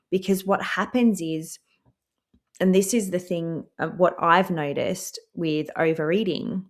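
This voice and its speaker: A woman hosting a spiritual self-help podcast, talking earnestly and slowing down to repeat calm affirmations and guide breathing. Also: fairly low pitch. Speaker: podcast host.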